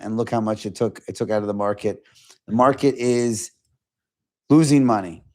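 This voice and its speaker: A man hosting a casual stock trading livestream, talking in a fast conversational way with lots of fillers and restarts. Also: mid-range voice, darkish tone. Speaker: stock market livestream host.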